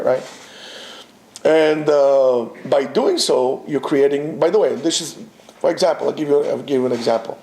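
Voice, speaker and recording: A man teaching a Torah class to students, animated and full of rhetorical questions and restarts. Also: on the high side, normal speed, vocal fry, echoey room. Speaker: yeshiva teacher.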